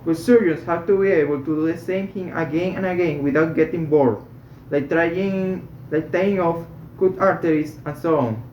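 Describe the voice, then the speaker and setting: A man's voice: fairly high pitch, moderate pace. Man, textbook reading, careful, some restarts, muffled lo-fi recording, faint background noise. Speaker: student reading textbook exercises. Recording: echoey room, dull lo-fi sound, faint noise.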